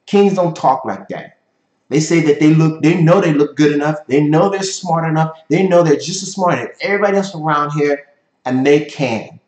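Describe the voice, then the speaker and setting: A man's voice: fairly high pitch, normal speed, darkish tone. A man giving a motivational business lecture at a whiteboard, speaking emphatically and ending points with "right?". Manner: emphatic, repeats points, frequent "right?" tag questions. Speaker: business coach. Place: room with a whiteboard. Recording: echoey room.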